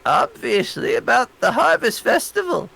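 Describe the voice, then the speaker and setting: A woman's voice: fairly high pitch, big pitch swings, normal speed, creaky, crowd noise, voice pushed up, heavily acted. Man putting on a prim ninety-year-old librarian. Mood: fussy. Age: 90s. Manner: prim, fussy, weary.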